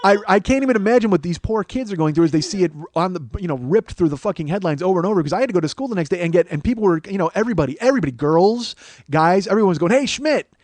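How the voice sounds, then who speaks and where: A man's voice: high voice, lively intonation, a little mellow, dry recording. Profane rambling middle-aged man. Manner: profane, rambling, halting restarts. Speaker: podcast host. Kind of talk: comic storytelling monologue.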